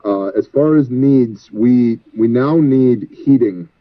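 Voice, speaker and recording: A man leading a relief ministry speaks earnestly with a preaching tone. His voice sits at a middle pitch. It comes through a thin, tinny phone line. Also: takes it slowly. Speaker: disaster relief ministry leader. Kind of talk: guest interview over the phone.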